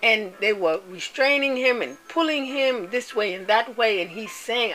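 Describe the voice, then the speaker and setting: A woman giving an impassioned monologue, speaking deliberately, stressing and repeating words and spelling some out. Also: on the high side, expressive, a bit bright, soft background music, rough recording.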